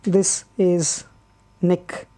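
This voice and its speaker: Patient woman teacher, unhurried, low and mellow, repeats herself for clarity. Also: little pitch movement. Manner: patient and deliberate, repeats key words, frequent "uh" pauses. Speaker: English teacher. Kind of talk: slow classroom explanation.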